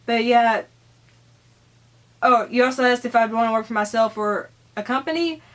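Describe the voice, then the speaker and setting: Chatty Southern American woman, higher voice. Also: normal speed. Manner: chatty, rambling, giggly. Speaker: YouTuber answering viewer questions. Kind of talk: casual Q&A vlog.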